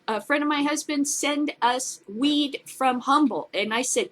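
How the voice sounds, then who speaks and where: A woman's voice: high voice, moderate pace, hardly any pauses, a bit bright. A woman hosting a casual news commentary show, reading out stories and mocking them with sarcastic, swearing asides. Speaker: host of a cannabis news show.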